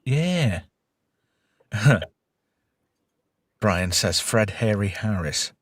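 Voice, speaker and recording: A man hosting a casual live-stream chat, swearing freely and laughing loudly as he reads out viewer comments. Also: lowish voice, sing-song, very slow. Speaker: podcast host.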